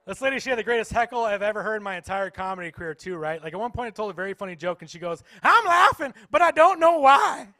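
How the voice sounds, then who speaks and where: High bright-voiced stand-up comedian. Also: male voice, racing, hardly any pauses, no room sound. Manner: playful, teasing the audience. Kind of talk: stand-up comedy with crowd work. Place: church stage.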